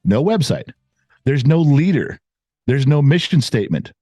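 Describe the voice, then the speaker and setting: A man's voice: mid-range voice, sing-song, unhurried, a little mellow, dry recording, soft background music. A middle-aged man giving his opinions as a guest in casual chat, emphatic and prone to repeating words for stress. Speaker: guest commentator.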